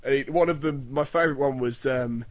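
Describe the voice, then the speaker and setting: A man's voice: mid-range voice, brisk. A man chatting casually about a film, acting out scenes in put-on voices. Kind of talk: casual film review chat.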